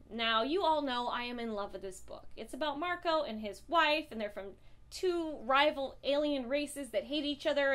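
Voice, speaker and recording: High-voiced woman ranting about comics. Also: fairly bright tone. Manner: profane, impassioned and blunt. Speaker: comic book reviewer. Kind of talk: casual review vlog.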